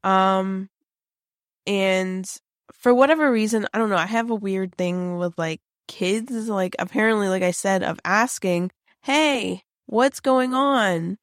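A woman tells a creepy story from her own life in a loose, chatty way, with lots of fillers and restarts. Her voice sits at a middle pitch. The sound is close and dry. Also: steady tone, a little slow, smooth, no echo. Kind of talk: casual spooky storytelling.

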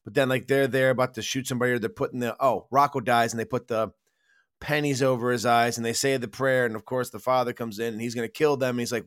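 A man's voice: mid-range voice, fairly even intonation, quick pace, a bit bright. Profane ranting American man. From United States. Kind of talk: casual film-review chat.

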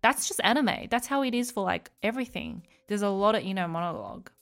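A young woman talks casually as a podcast co-host. She is chatty and animated, and she acts out bits of what she retells. Her voice is mid-pitched. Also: fast talker, faint music behind. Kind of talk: casual chat.

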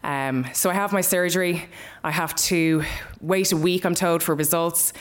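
A woman's voice: lowish voice, moderate pace. A young Irish woman telling a personal story live, in a candid, conversational way with plenty of swearing.

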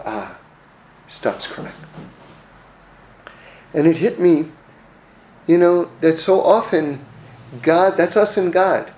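A man giving a Torah class, telling stories in an animated way with frequent restarts and repeated words. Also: high-pitched. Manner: animated storytelling with many restarts. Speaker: Torah teacher. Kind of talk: religious class, story-driven teaching. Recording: echoey room.

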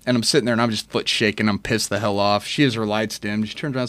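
Profane, animated man telling stories. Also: lowish voice, fast talker, no echo. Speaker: podcast guest, army veteran. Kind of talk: casual podcast chat.

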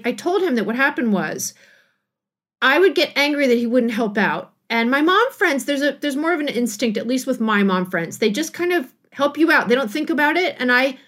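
Middle-aged woman guest on a podcast, high voice, chatty and animated, laughs a lot. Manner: animated, laughing, acts out quotes. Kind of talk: casual storytelling chat.

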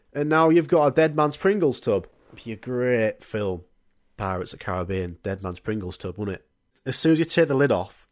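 Rambling, sweary podcast host. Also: male voice, medium pitch. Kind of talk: solo comedy podcast ramble.

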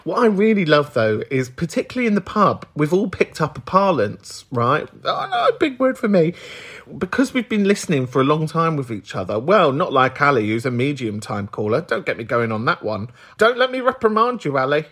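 A man's voice: medium pitch, animated, fairly quick, few pauses, fairly bright tone, husky. A man from the UK hosting a podcast in casual, candid chat, reflective and swearing freely. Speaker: podcast host.

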